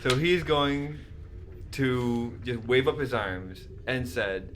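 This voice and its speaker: Casting: male player, slow laid-back delivery, bright tone, faint background noise. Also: medium pitch. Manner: slow, laughing, agreeable. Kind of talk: casual tabletop game chat.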